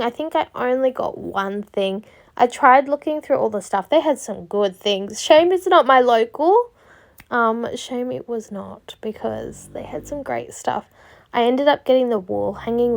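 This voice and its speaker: A young woman talks over her home vlog in a loose, chatty way, wandering off topic and laughing at her own forgetfulness. Her voice sits a little on the high side. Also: creaky, darkish tone. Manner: chatty and self-mocking, drifts off topic. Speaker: cleaning vlogger. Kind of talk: casual voice-over chat.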